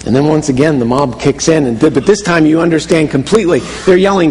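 A man's voice: fairly high pitch, fast talker, hardly any pauses, a little mellow, big-room sound, low-quality recording. A man preaching a sermon, telling a story vividly in the second person and often restarting his phrases. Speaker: pastor.

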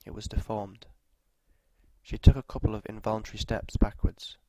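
Male narrator, dark and mellow tone, flat and measured, for a scripted story read. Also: fairly low pitch, no room sound, poor audio.

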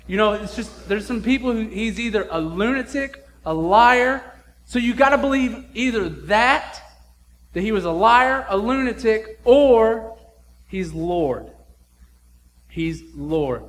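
A man's voice: high-pitched, animated, unhurried. A man preaching a sermon as pastor, blunt and emphatic, with casual slang.

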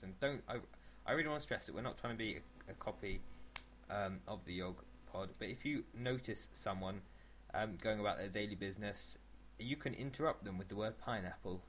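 A man's voice: on the low side, expressive, a little fast, a bit bright, a little hiss or hum. A man co-hosting a casual podcast, chatting in a rambling way and often restarting his sentences. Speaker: podcast co-host.

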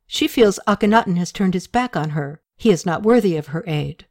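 A woman reading the part of a stern, scheming male high priest, in a grave and insistent manner. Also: animated, fairly quick, darkish tone. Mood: explaining.

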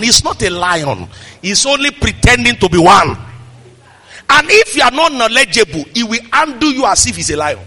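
A man with a Nigerian accent preaching a fiery sermon as pastor, swinging from quiet talk to shouted declarations. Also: high-pitched, very animated, moderate pace, pauses often, slightly rough, in a large hall.

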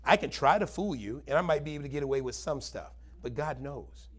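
A man's voice: fairly high pitch, animated, fairly quick, a bit bright. A man preaching a plain-spoken Bible teaching sermon, earnest and conversational, with emphatic bursts. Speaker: pastor.

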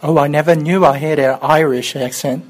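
A man's voice: a little high, fairly even intonation, moderate pace, poor audio. A man co-hosting a music countdown podcast in casual chat, making dry, teasing jokes. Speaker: podcast co-host.

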